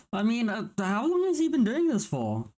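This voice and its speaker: A man's voice: very high-pitched, huge pitch swings, normal speed, a little mellow. A man hosting a reaction video, chatting casually and rambling, with the odd swear. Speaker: reaction channel host.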